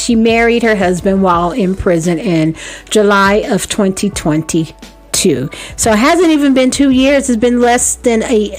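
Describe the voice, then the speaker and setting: A woman's voice: a little high, darkish tone. A woman hosting a celebrity gossip vlog, sassy and playful, talking straight to her viewers.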